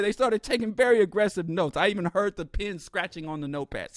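A man telling a humorous story in an animated, comic way with exaggerated asides. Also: sits high, fast, few pauses, no echo, studio quality.

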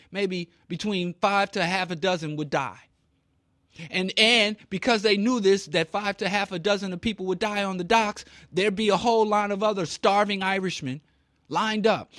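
A man's voice: high voice, a bit bright, no echo, clean studio sound. A man from Kansas City giving an impassioned talk, emphatic and preachy, with rhetorical questions. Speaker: speaker.

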